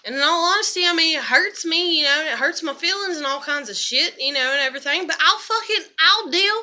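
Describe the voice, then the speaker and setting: A woman's voice: high-pitched, expressive, brisk, pushed and bright. A woman, talking through her feelings in a rambling, emotional monologue full of swearing. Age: 30s. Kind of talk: confessional vlog monologue.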